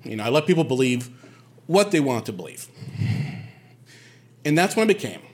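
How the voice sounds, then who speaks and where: A man from Puerto Rico telling a personal story on stage, animated and quoting others in lively bursts. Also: medium pitch, normal speed. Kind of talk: live storytelling.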